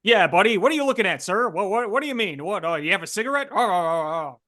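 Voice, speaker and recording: A man's voice: sits high, lively intonation, fast, bright, forceful tone, voice pushed up. A man voicing a brash, defensive 1950s male spy in a fedora, with a put-on transatlantic accent and stammering, indignant questions. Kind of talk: comic improv bit on a podcast.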